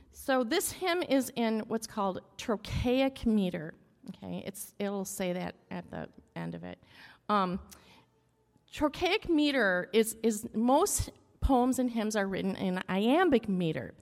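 A woman's voice: mid-range voice, lively intonation, slow pace, vocal fry. A woman leading a casual hymn lesson for a congregation, explaining rhythm with frequent "okay?" and humming beats. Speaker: church music leader. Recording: long echo of a large room.

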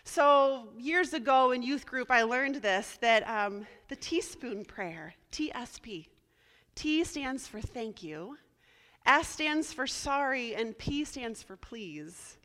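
A woman pastor giving a chatty, casual sermon, spelling some words out slowly. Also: high voice, lively intonation, fairly bright tone, big-room sound.

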